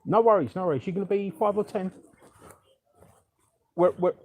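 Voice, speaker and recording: A man's voice: high voice, moderate pace, darkish tone, low-quality recording. A man filming himself outdoors and bluntly confronting council staff in a chatty, assertive way. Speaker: activist filming a council meeting. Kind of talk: handheld confrontational vlog. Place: outdoors outside a council building.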